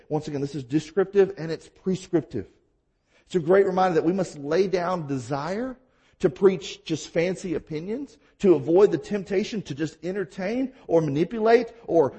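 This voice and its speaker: A man's voice: a little high, warm tone, husky. A man preaching a sermon as a pastor, emphatic and full of rhetorical questions.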